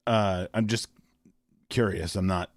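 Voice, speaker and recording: A man's voice: low-pitched, steady tone, unhurried, no echo, studio quality. A man co-hosting a podcast in casual chat, talking loosely and leaning on "like" and "you know". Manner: chatty, leans on "like" and "you know". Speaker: podcast co-host.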